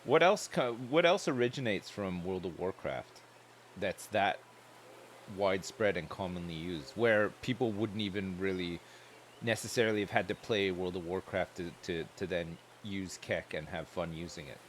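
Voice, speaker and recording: A man's voice: sits low, moderate pace, a little hiss or hum. A man chatting loosely and joking while livestreaming a game, rambling from one thought to the next. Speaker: streamer.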